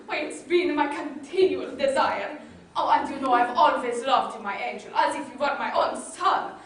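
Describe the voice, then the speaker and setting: An actress plays a fussy, doting mother who gushes with high, swooping endearments on a stage play. The voice rings out from far across an echoey hall over a hum of background noise. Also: animated, normal speed. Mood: overjoyed. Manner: effusive, theatrical, doting endearments. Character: gushing middle-aged mother, fussy landowner.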